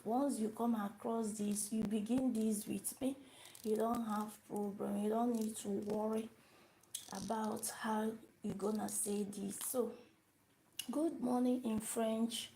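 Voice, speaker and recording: A woman gives a live beginner lesson, speaking slowly and going over each word several times. Her voice sits a little high, with a gravelly, creaky edge and a mellow, dark tone. Recorded on a phone. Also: fairly even intonation, a little hiss or hum, poor audio. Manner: repeats words and asks the viewers questions. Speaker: language teacher.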